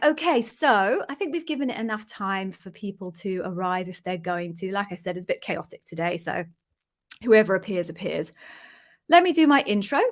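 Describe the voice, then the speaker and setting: An Englishwoman with an English accent hosting a casual livestream from home, chatty and self-deprecating with jokey asides. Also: medium pitch. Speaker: livestream host, interview coach. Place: home near London.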